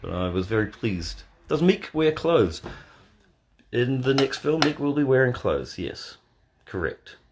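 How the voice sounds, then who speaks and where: A man hosting a casual live watch party from bed, answering chat questions in a deadpan, joking way. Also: mid-range voice, moderate pace, hardly any pauses, background noise. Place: in bed at home. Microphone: phone.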